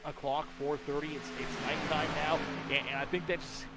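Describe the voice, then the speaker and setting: A Canadian sim racing commentator calls a live race play-by-play at a moderate pace, his high voice jumping to sudden loud bursts on close calls. He sounds tired, yawning and rambling through excitable asides, while race-car engines roar in a noisy stream mix behind him.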